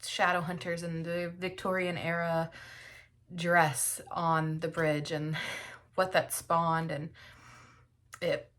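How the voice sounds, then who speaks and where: A woman's voice: fairly low pitch, level tone, slow pace, a bit bright. A woman book vlogger talking casually at home, emotional and teary, rambling with lots of fillers. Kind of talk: casual personal reflection.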